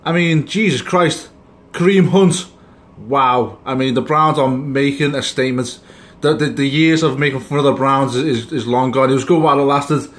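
A sports fan vlogger with a mid-range voice and moderate pace rants angrily about his football team in a reaction video. He swears and rambles as he vents his frustration.

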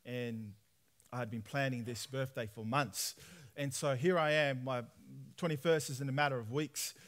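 A man, preaching a personal testimony sermon in lively storytelling style, acting out dialogue. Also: medium pitch, normal speed. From Australia. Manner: animated storytelling, acts out dialogue with laughs.

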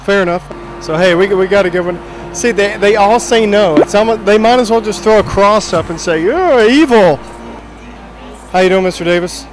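A man with a high-pitched voice and fairly even intonation roams a ship doing vox-pop interviews, speaking a little fast. He's jokey and playful, teasing the crew as he asks people questions.

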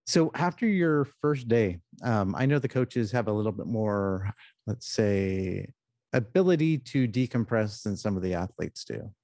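Mellow-voiced man hosting a podcast. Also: fairly low pitch, expressive, no echo, clean studio sound. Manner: measured, probing questions. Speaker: podcast host. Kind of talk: interview questions.

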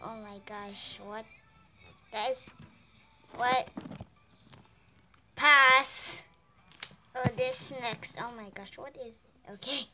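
A woman's voice: on the high side, fairly even intonation, slow pace, bright, forceful tone, soft background music. A woman giving casual reaction commentary on videos, exclaiming with surprise as she watches. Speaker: YouTuber.

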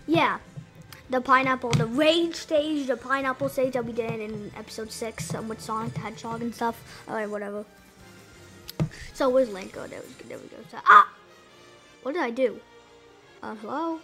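A high-pitched woman chatters through casual let's-play commentary. She is excitable and rambling, restarting her sentences and exclaiming often. Game music plays faintly under her voice. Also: moderate pace. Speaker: gameplay commentator.

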